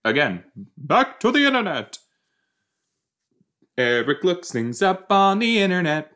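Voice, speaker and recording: A young man talks casually as he reacts to a TV episode, rambling and joking between thoughts. His delivery is unhurried, and his pitch swings lively up and down. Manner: chatty, rambling, jokey, puts on silly voices. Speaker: podcast host reacting to a TV episode.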